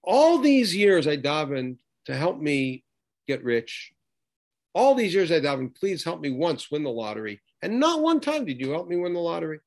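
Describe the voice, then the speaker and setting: A man's voice: on the high side, sing-song, moderate pace. A man voicing a pious man who pleads an aggrieved complaint to God.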